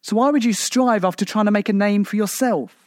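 A man delivers a sermon in a high voice with a dry, close sound. He is emphatic, asking his listeners rhetorical questions, and leaps up and down in pitch to drive his points home. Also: brisk, a little mellow, dry recording. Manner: shifts pitch sharply for emphasis. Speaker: preacher.

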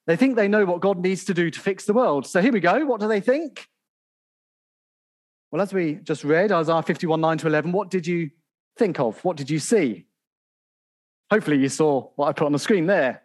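Male preacher, high-pitched, animated sermon delivery with loud bursts and long scripture readings. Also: normal speed, pauses often. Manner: animated, calls out loudly in bursts; reads scripture aloud at length.

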